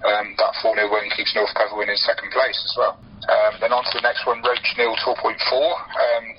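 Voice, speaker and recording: A man giving a casual local football report on the radio, unhurried and hesitant with frequent ums. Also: lowish voice, level tone, noisy background. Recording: dull phone-line sound.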